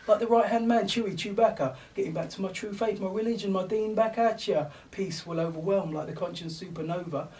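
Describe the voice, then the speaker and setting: A man's voice: high-pitched, a little mellow, recorded from a distance, low-quality recording. A man performing spoken word poetry in a rhythmic, rhyming delivery with cockney slang. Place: event venue.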